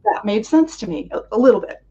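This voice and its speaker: A woman's voice: mid-range voice, animated, fast talker, dark tone, breathy edge. A woman, an interview guest, recounting a personal experience in vivid detail and acting out her own past thoughts. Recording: dull lo-fi sound.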